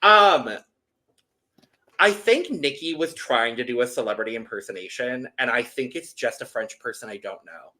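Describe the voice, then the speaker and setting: In a casual recap chat, a man co-hosting a podcast wanders through his thoughts, restarting often and saying "like" a lot. His mid-range voice is expressive, pushed, and bright, at a moderate pace.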